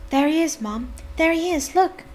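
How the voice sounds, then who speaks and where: A woman reading aloud and voicing an eager little girl who squeals with excitement. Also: sits high, normal speed, slight background noise, pitched above the performer's own voice. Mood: excited.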